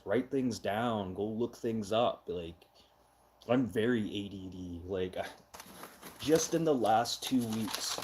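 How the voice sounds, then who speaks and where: A middle-aged man hosting a casual live chat, talking loudly and with heavy emphasis, getting excitable when he has an opinion. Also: lowish voice, a little hiss or hum. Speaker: live stream host.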